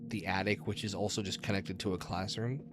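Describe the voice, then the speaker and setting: A man streams a story game, reading its text aloud and tossing in chatty, amused comments. His voice sits low and relaxed. Faint game music runs in the background. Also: a little fast. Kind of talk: casual game playthrough, reading dialogue aloud.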